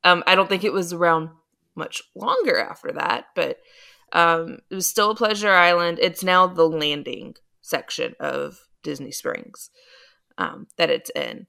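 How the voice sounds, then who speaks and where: A woman's voice: lowish voice, sing-song, a little slow, creaky, pushed and bright. A woman co-hosting a podcast in casual chat, explaining things patiently with frequent hesitations. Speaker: podcast co-host.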